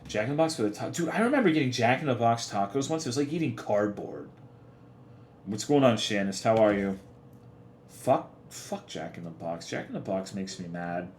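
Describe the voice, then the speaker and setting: A man's voice: fairly low pitch, lively intonation, moderate pace, a little mellow, a little hiss or hum. A young man livestreaming, chatting casually with his chat in profane, rambling, half-joking rants. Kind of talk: casual live-stream chat. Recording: echoey room.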